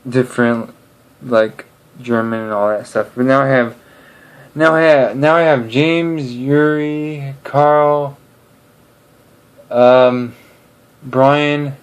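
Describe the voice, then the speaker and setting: A man's voice: mid-range voice, fairly even intonation, drawn-out words, pauses often, clean tone. A man chatting casually to camera in a hesitant way, full of fillers and restarts.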